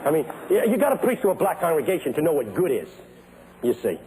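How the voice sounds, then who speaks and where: Lively preacher man telling a story. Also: a little high, quick pace, crowd noise, low-quality recording. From West Philadelphia. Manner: storytelling, builds to shouted rhythmic preaching. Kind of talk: sermon.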